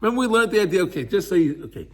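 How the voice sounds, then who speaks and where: A man's voice: high voice, sing-song, very fast, a bit bright. A man teaching a Torah class, earnestly explaining texts, slipping into Hebrew terms and acting out little scenes. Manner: earnest, acts out voices, mixes in Hebrew terms.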